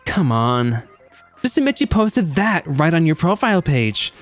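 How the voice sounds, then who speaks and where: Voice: mid-range voice, sing-song, a little slow, faint music behind, pitched above the performer's own voice. A streamer voicing a gleeful, sadistic game-show host in a game, with mocking showman patter. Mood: taunting. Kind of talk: reading game dialogue aloud.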